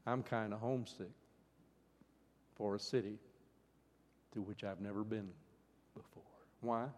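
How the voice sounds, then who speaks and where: An older man preaching a sermon in an earnest way. His voice rises to fervent pleas and then drops soft. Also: on the low side, fairly even intonation, measured pace. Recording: long hall reverb.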